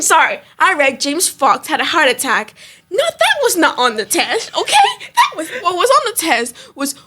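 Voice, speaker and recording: A woman's voice: high-pitched, huge pitch swings, moderate pace, bright, forceful tone. A young woman chatting on a podcast, telling school stories dramatically and laughing through her words. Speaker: podcast host. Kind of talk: casual chat.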